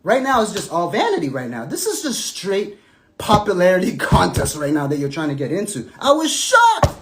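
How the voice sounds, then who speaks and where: An estranged husband tells his side in a casual monologue, speaking a little fast in a lively voice. He's animated and emphatic, though he drops to soft, low tones when recounting events.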